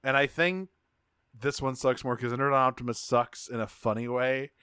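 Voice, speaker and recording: Bright, smooth-voiced man podcast co-host. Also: medium pitch, fairly even intonation, moderate pace, dry recording, clean studio sound. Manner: sweary, sarcastic ranting. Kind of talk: casual podcast chat.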